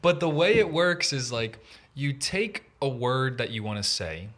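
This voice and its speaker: A man from the US east coast co-hosts a casual podcast. His voice sits at an ordinary pitch, and his stories swing up and down as he talks, full of "like" and quick restarts. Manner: animated storytelling, lots of "like". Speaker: podcast co-host. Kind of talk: casual chat.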